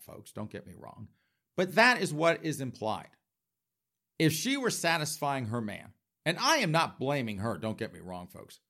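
His voice sits on the high side and is a bit bright as this comedic host delivers a flamboyant, campy rant full of mock indignation. Laughing asides come often, and he speaks directly to the audience.

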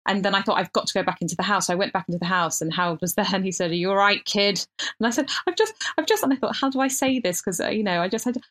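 A middle-aged woman co-hosting a relaxed podcast chat. She tells long, rambling anecdotes full of restarts and asides, in a mid-range voice. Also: mid-range voice, very fast. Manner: chatty storyteller, frequent restarts and laughter. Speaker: podcast co-host. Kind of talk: casual chat.

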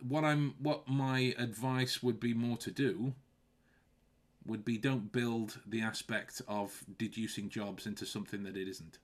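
A man hosts a relaxed podcast conversation at an ordinary middle pitch. He often stumbles, restarts his sentences and laughs between points. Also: measured pace. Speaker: podcast host. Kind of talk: casual podcast chat.

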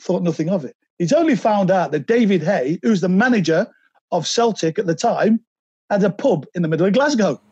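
A man, a podcast guest telling animated anecdotes and slipping into quoted voices. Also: high voice, fairly quick, slightly rough, no echo, muffled recording. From England. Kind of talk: anecdotal interview storytelling.

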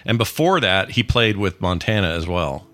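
A man's voice: deep voice, expressive, moderate pace, a bit bright, dry recording, soft background music. A middle-aged man hosting a casual live-streamed podcast chat, rambling and full of puns. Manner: jokey, rambling, punning. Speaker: podcast host.

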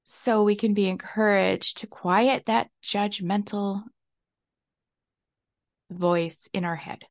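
A woman's voice: mid-range voice, fairly even intonation, takes it slowly, dry recording, studio quality. A young woman hosting a solo podcast, talking candidly and reflectively, often laughing at herself. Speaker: podcast host. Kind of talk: casual solo podcast talk.

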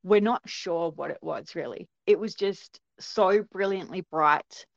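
A woman's voice: on the low side, a little slow, vocal fry, no room sound, muffled recording. Earnest woman with lots of ums. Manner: hesitant, many ums, earnest. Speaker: guest recounting a sighting. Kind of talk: casual interview.

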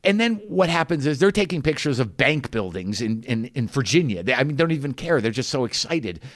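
A man hosting a podcast, telling a rambling, incredulous comic story with quick restarts. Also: medium pitch, big pitch swings, dry recording, clean studio sound. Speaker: podcast host.

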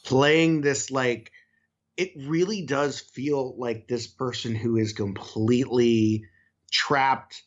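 A man's voice: mid-range voice, steady tone, slow pace, muffled recording. A man co-hosting a podcast, chatting loosely and enthusiastically in a casual review conversation, with some filler words. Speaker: podcast co-host.

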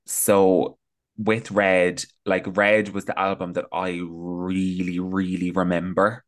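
Deep-voiced man, casual guest chat, quick and gushing. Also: little pitch movement. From Ireland. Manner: chatty, enthusiastic, lots of "like" fillers. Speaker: podcast guest.

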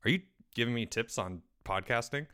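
A man's voice: medium pitch, expressive, a little fast, pushed and bright, dry recording, clean studio sound. A man hosting a comedy podcast, playing the patient, mildly exasperated straight man in casual banter. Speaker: podcast host.

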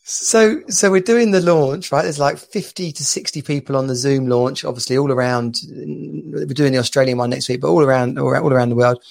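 A man co-hosting a podcast as a dad coach, in casual chat, talking in quick restarts and laughing often, heard over a video call. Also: mid-range voice, steady tone, creaky, a little mellow.

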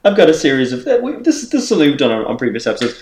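A man with a mid-pitched voice hosts a casual podcast chat, stumbling over restarts in an amused way. His voice has a roomy echo around it. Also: very animated, racing, a little mellow. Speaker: podcast host.

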